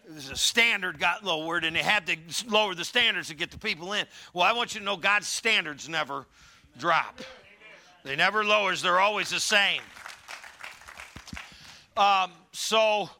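A man's voice: sits high, bright, forceful tone. A middle-aged man preaching a sermon, joking through rambling asides and calling for the congregation to answer back. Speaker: pastor.

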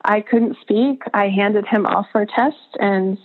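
A woman shares a personal story as an interview guest, her voice at an ordinary middle pitch. She is emotional and laughs often between halting phrases. The sound is thin and tinny, like a phone line. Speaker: birth photographer and guest.

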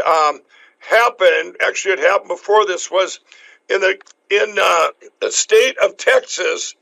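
A man hosting a talk show, talking in a rambling, emphatic way with many restarts, his voice going hoarse. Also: sits high, bright, forceful tone, low-quality recording. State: losing his voice. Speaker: show host. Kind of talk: casual talk show chat.

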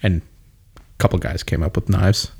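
Man, lowish voice, casual, rambling, swears a lot, laughs often. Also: moderate pace, vocal fry, a little mellow, slightly rough. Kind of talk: casual chat.

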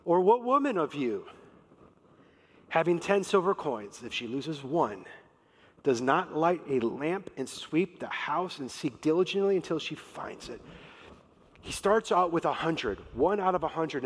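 A man's voice: a little high, sing-song, a little slow, breathy edge. A man preaching a sermon in a conversational, emphatic way, acting out quotes. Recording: long reverb of a large hall.

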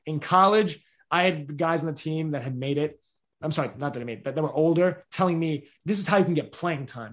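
A young man, answering interview questions in an energetic, rambling way with many restarts. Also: fairly high pitch. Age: 20s. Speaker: podcast host being interviewed.

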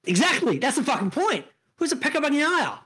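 A man's voice: extremely high pitch, very animated, fairly quick, pushed and bright. A middle-aged Australian man co-hosting a podcast, swearing, laughing and joking in casual banter. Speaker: podcast co-host.

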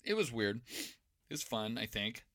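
A man's voice: lowish voice, sing-song, unhurried, a bit bright. A young man from Idaho, co-hosting a podcast, telling rambling stories in a laid-back, swearing, casual chat. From Boise, Idaho. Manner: laid-back storytelling, lots of swearing and laughs. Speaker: podcast co-host.

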